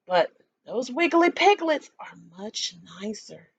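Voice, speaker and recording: A woman voicing a gentle, sad little mother hen in a storybook, sighing and humming to herself. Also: high-pitched, very animated, slow, husky, no room sound, highs cut off, heavily acted. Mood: glum, sighing.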